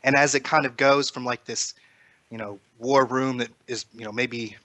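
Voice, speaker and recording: A man's voice: mid-range voice, fairly even intonation, normal speed, bright, forceful tone, no room sound. A man playing a tabletop game, rambling through his character's actions with many fillers. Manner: rambling, filler-heavy, casual swearing. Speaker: player.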